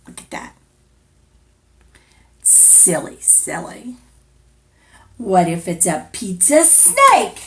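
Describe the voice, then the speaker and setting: Gentle and playful, a teacher shares a picture book aloud with small children. She reads at a very slow pace, and each question she asks them carries a lively rise and fall in pitch.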